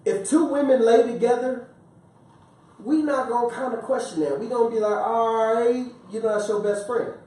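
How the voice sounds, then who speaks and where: Man, 40s, podcast co-host, high lively voice, distant mic in a roomy space. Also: normal speed. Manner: animated, laughing storyteller, swings high when quoting. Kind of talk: casual chat. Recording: echoey room, distant mic, faint hiss.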